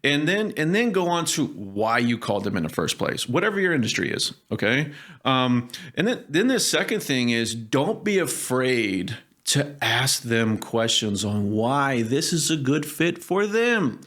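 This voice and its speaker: A man's voice: mid-range voice, unhurried. Casting: emphatic man coaching sales in a podcast chat, keeps checking in with "okay?". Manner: acts out sales calls in lively put-on voices. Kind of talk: conversational advice on a podcast.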